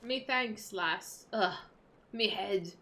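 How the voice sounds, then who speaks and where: A woman reading as a gruff pirate-talking sailor. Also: mid-range voice, slow, pushed and bright, slight background noise. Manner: reads in rough pirate-style speech.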